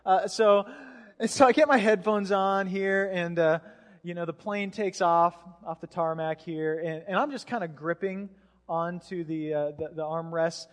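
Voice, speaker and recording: High-voiced pastor in a reverberant hall. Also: male voice, moderate pace. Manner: casual, chatty, acts out voices in anecdotes. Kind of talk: sermon with storytelling. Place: church hall.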